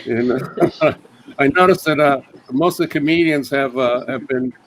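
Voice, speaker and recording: A man doing a casual stand-up set at a comedy round table, with many fillers and sudden high put-on voices for his bits. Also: unhurried, background noise.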